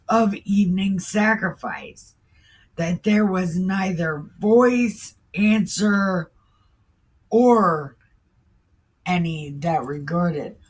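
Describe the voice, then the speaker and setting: A woman's voice: lowish voice, breathy edge. A woman reading a Bible story aloud in a casual way, breaking in with irreverent, profane asides. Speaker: host reading scripture.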